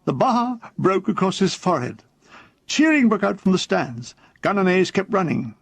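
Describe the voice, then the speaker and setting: A man reading his own comic war memoir aloud as an audiobook, with a dry, deadpan delivery and quick put-on voices for the people in the story. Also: high voice, vocal fry, slightly rough, no echo.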